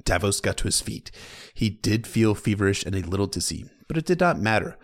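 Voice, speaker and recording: Gravelly man joking through a story recap. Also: lowish voice, sing-song, brisk. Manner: joking asides, slangy. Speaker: narrator recapping a book. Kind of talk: casual comedic retelling.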